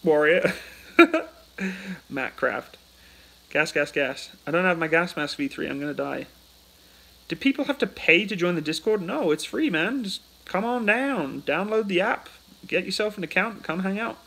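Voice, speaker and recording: A man's voice: high-pitched, animated, unhurried, creaky, a bit bright, slightly rough, low-quality recording. A British man hosting a casual livestream. He reads out viewer questions and answers them in a chatty way, into a phone. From United Kingdom. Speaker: livestream host.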